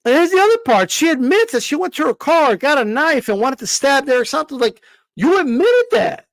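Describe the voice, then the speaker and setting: Ranting high-voiced man, dry close mic. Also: very animated, a little fast, dry recording. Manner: ranting, profane, repeats words, asks rhetorical questions. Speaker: boxing commentator on a live stream. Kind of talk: casual opinionated commentary.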